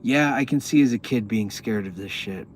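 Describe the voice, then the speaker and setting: A man's voice: lowish voice, moderate pace, slight background noise. A young man casually telling a long, profane, rambling story with many restarts, as a podcast host.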